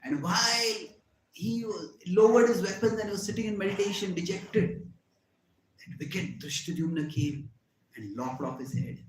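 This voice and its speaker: Man telling an epic story in an echoey hall. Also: moderate pace. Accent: Indian English. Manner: dramatic, acts out characters' cries with swings in pitch and loudness. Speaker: spiritual teacher. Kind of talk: devotional storytelling lecture. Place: lecture hall. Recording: echoey hall, faint background noise.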